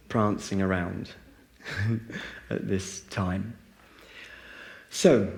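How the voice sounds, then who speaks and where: Before a live audience in a large hall, a man guides group meditation and a reflective spiritual talk, filling his speech with fillers and restarts. His voice is fairly low with a darkish tone, and the sound carries a roomy echo.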